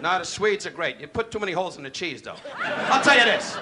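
A man from New doing live stand-up insult comedy, firing brash rapid jabs at audience members. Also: high voice, very animated. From New York. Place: live club stage before an audience. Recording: noisy archival live recording, loud crowd laughter.

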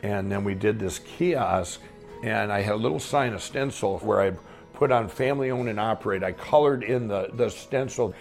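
A man's voice: on the low side, moderate pace, creaky, soft background music. A man telling his life story as a guest, rambling and candid, acting out the dialogue along the way. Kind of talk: personal storytelling.

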